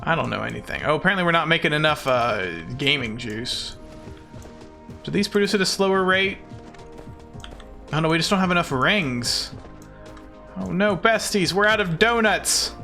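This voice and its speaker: A man's voice: medium pitch, expressive, moderate pace, vocal fry, bright, forceful tone, soft background music. A man streaming a game as a VTuber, chatting casually with his viewers in a playful, self-mocking, jokey way.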